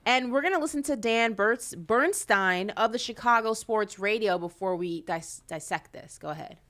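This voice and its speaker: A woman from New York hosting a sports talk show, lively and assertive as she steers the conversation. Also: mid-range voice, moderate pace. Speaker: host. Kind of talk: casual sports talk and scripted segments.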